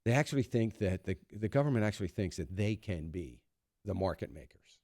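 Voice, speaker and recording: A low-voiced American man hosts a radio talk show and comments sarcastically on the economic news. His tone is mellow and dark, and the studio sound is dry and close. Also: animated, brisk, no echo. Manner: sarcastic, opinionated. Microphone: studio microphone.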